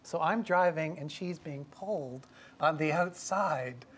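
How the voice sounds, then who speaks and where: A middle-aged man from Canada telling a lively story to an audience, acting out the voices of the people in it. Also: on the high side, unhurried, breathy edge. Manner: lively, acts out quoted voices. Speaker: professor telling a story at a talk.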